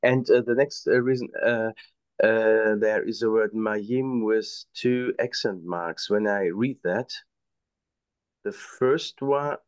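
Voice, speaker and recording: A man's voice: lowish voice, no room sound, dull audio. Hesitant man with a German accent. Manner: hesitant, halting with many fillers. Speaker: student. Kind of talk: class discussion. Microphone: video call.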